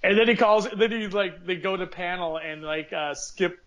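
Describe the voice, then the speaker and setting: High-voiced man chatting haltingly. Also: heavy background noise. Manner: halting, filler-heavy storytelling. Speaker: podcast co-host. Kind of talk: casual chat.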